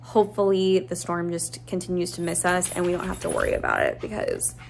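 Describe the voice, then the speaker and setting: A woman's voice: on the low side, huge pitch swings, brisk, vocal fry, slight background noise. A young woman chatting casually in a home vlog, rambling with fillers as she talks through moving into a house. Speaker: vlogger. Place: house being moved into.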